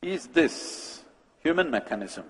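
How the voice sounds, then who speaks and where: Male spiritual speaker, fairly high voice, teasing rhetorical questions, long hall reverb. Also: big pitch swings, slow. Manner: rhetorical, questioning the audience with humor. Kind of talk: public talk to an audience.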